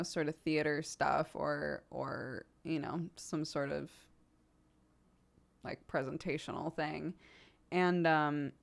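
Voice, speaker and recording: A young woman streams in casual, chatty talk, her voice sitting a touch low. She is animated and self-deprecating, laughing easily and slipping into little theatrical performances. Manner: theatrical, acts out quotes. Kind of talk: casual chat.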